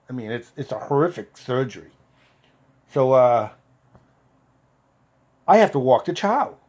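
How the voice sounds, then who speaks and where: Man, 50s, former Marine, casual storytelling, swears a lot, animated quoting, mid pitch. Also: breathy edge. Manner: profane, animated, loud when quoting others.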